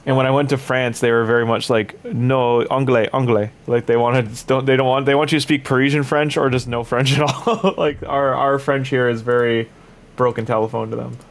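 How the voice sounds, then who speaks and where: Canadian man, canadian accent, game streamer, casual rambling chat, sleepy, middle pitch. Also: little pitch movement, a little fast. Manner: rambling, chatty, with frequent restarts. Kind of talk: casual gaming commentary.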